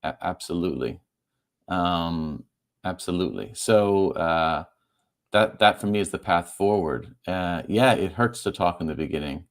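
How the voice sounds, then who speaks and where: A man, the guest author in an interview, talking in a halting way, repeating words and laughing softly as he speaks. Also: low voice. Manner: halting, repeats words, stumbles through fillers; laughs softly mid-sentence while talking. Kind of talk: emotional conversational interview.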